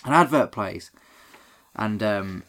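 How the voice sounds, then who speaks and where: A man's voice: on the low side, animated, slow pace, fairly bright tone. A man, casually recapping a horror film with a co-host, laughing often and swearing. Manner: laughs often, swears, acts out quoted lines. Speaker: podcast co-host.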